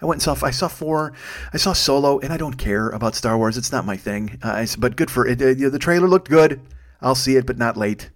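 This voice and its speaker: A man's voice: mid-range voice, animated, fairly quick. A man in his fifties hosting a podcast with a profane, self-deprecating, rambling comedic monologue. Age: 50s. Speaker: podcast host.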